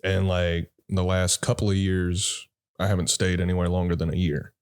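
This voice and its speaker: Deep-ish male voice, laid-back podcast guest, swears freely, rambling storyteller. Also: flat delivery, normal speed, clear, resonant tone. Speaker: podcast guest, actor and director. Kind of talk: casual storytelling chat.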